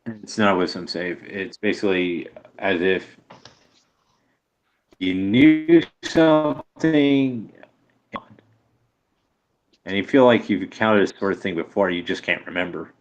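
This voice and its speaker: Man, game master, very low voice, halting, lots of fillers. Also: steady tone, highs cut off. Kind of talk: narrating a tabletop game.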